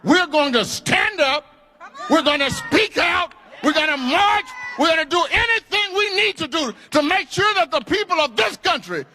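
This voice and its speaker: A man in his eighties giving a loud, mocking rally speech, shouting taunts. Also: extremely high pitch, animated, normal speed, big-room sound. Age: 80s. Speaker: politician at a rally.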